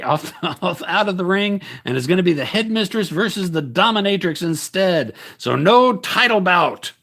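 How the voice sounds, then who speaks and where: Lively, chuckling man calling a tabletop wrestling game. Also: a little high, vocal fry, breathy edge. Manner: chuckling, self-correcting, jokey ring-announcer patter. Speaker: game host and commentator. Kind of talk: playful solo tabletop wrestling game commentary.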